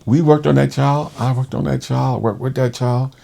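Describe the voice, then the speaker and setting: A man who works as a respiratory therapist, telling a personal story in conversation in an animated way. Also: medium pitch, moderate pace, vocal fry. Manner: animated, acts out quoted voices.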